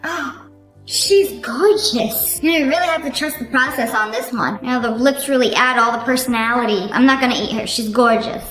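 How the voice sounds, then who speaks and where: A woman hosting a reaction video, making animated, sarcastic jokes in a casual commentary style. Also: fairly high pitch, quick pace, hardly any pauses. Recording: roomy echo with faint music.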